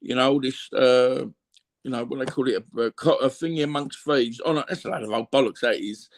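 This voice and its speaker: A man's voice: mid-range voice, brisk. Blunt rambling Cockney man. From London, England. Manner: rambling, repeats fillers, blunt and earthy. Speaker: guest. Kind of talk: candid conversational storytelling.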